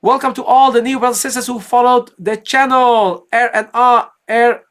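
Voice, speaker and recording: A woman's voice: fairly high pitch, fairly even intonation, moderate pace. A woman teaching Quran recitation in a live online lesson. She explains step by step, asks and answers her own questions, and often checks in with "okay, guys?".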